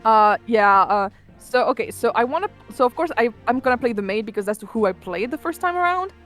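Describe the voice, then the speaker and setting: A woman's voice: fairly high pitch, animated, fairly quick, soft background music. A woman handing out roles and chatting with friends during a game session, teasing and talkative. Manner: chatty, teasing, hesitant with fillers. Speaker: game organizer. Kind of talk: casual game-night chat.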